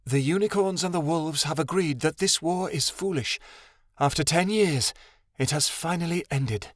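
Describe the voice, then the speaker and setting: A man voicing a composed female unicorn in an audiobook, speaking in a measured way. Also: on the high side, dry recording, studio quality, pitched above the performer's own voice, close to an everyday voice. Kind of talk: audiobook character voice.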